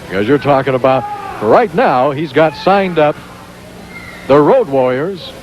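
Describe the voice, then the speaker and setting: A man announcing a pro wrestling match with excited, exclaiming play-by-play commentary. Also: a little high, unhurried, lo-fi sound. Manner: excitable, exclaiming, hype-driven. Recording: noisy 1980s TV broadcast.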